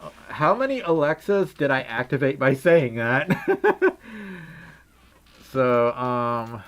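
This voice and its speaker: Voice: mid-range voice, big pitch swings, unhurried. A young adult livestreamer chatting casually with viewers in a put-on Southern drawl, rambling and laughing often. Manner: giggly, rambling, frequent laughs. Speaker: livestreamer reading chat. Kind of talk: casual live stream chat.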